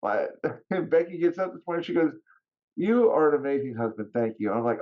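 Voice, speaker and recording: A podcast guest telling personal stories in casual talk, animated and often laughing. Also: male voice, medium pitch, fairly quick, highs cut off. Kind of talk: casual storytelling.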